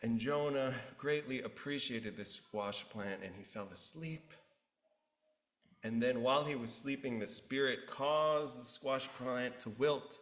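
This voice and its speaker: Bright, slow-talking male pastor. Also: mid-range voice. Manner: animated storyteller acting out characters. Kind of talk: sermon storytelling. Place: church sanctuary. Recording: roomy church echo.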